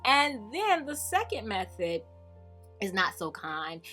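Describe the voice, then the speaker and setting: A middle-aged woman and mother talking casually to camera as the host of her vlog, animated and at times sassy and emphatic. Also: mid-range voice, takes it slowly, faint music behind. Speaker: YouTube creator.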